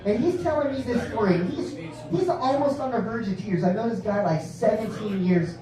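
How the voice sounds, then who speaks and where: A man's voice: high voice, normal speed, a crowd in the background. A man doing a stand-up set, rambling and profane, often laughing at his own jokes. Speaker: stand-up comedian. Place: comedy club stage. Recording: echoey club from far off.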